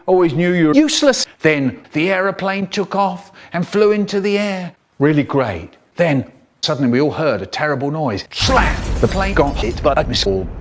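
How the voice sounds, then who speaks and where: An older man telling a story in a spliced reading, animated and bursting into sound effects. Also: a little high, moderate pace.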